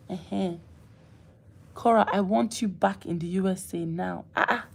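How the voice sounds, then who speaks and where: Woman livestream host, gravelly, teasing, bursts of laughter and mock indignation. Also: fairly low pitch, unhurried, a little hiss or hum. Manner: animated, laughing, playful mock outrage. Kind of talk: casual livestream chat with viewers.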